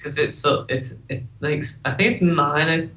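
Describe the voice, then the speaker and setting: A man's voice: a little high, moderate pace, far from the mic, noisy background. A man chatting casually as a guest, with many fillers. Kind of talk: casual chat. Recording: echoey room, off-mic.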